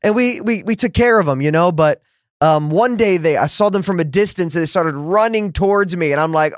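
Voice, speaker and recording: Host guy kinda high voice, chatty storytelling, dry close mic. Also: brisk, dry recording. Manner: affirming, lots of mm-hmms, storytelling. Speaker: podcast host. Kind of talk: casual conversation.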